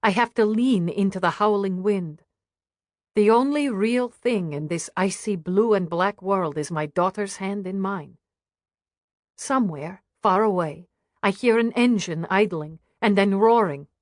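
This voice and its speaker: A woman reading an audiobook in a hushed, grave first-person voice. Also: medium pitch, measured pace, no echo, studio quality. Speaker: audiobook narrator. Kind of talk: scripted audiobook narration.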